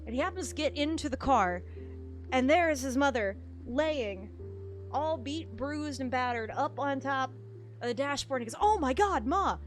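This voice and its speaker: A woman's voice: high voice, normal speed, faint music behind. A woman streaming a game, telling a family story in a casual, rambling way and laughing often.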